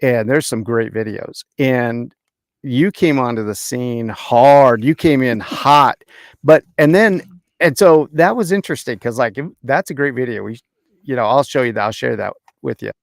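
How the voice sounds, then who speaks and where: Gravelly-voiced man hosting a podcast. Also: mid-range voice, moderate pace, no echo, clean studio sound. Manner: relaxed, chatty, fumbles with the video playback. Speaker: podcast host. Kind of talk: casual interview chat.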